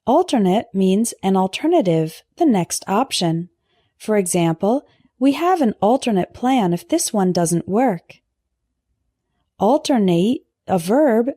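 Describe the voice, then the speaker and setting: A woman teaching English vocabulary in a scripted lesson, pronouncing word pairs slowly and carefully for learners to repeat. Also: mid-range voice, dark tone, no room sound, clean studio sound. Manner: slow, careful pronunciation drills.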